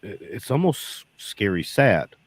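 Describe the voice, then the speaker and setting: A man's voice: fairly low pitch, big pitch swings, unhurried, breathy edge. A man telling a folksy story as a beekeeper guest, often quoting himself with "I said". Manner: folksy, repeats "I said" in quoted dialogue. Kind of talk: casual storytelling.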